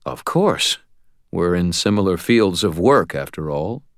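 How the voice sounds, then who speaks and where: Brief: male narrator doing a serene, enigmatic archangel for a storybook, unhurried and dry. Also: low-pitched, expressive, dry recording. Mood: solemn, cryptic. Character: calm, cryptic male archangel.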